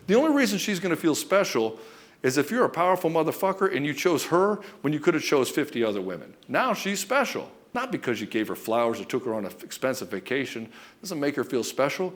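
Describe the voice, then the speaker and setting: A man speaks straight to the viewer as a relationship coach. He is blunt and emphatic, swears freely, and keeps calling the listener dude and brother. His voice sits slightly high for a man. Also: big pitch swings, fast talker. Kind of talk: direct-to-camera coaching monologue.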